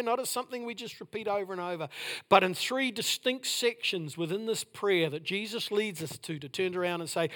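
A man preaching a sermon in a high voice. He stacks repeated phrases and swings from loud, ringing declarations to soft, near-whispered lines. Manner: repetitive, building phrases. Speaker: pastor.

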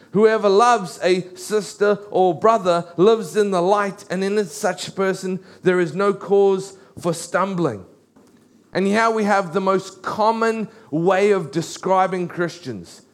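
A middle-aged man preaching a sermon, animated and storytelling, slowing down to read scripture. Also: sits high.

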